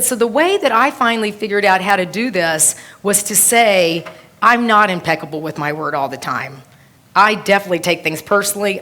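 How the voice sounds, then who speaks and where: A woman minister giving a sermon to a congregation, telling stories and quoting others in an animated way. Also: mid-range voice. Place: church service with a congregation.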